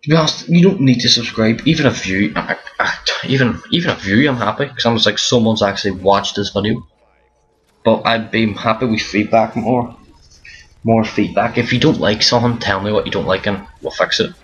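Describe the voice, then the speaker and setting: A man's voice: on the low side, brisk, fairly bright tone. A tired young man giving rambling casual commentary over a zombie game, often restarting his sentences. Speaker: gaming commentator. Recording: dull lo-fi mic with faint hiss.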